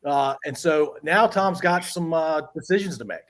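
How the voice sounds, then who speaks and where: Podcast host guy, kinda high voice, cracking himself up telling a story. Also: moderate pace. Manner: amused, laughing through the story. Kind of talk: casual storytelling.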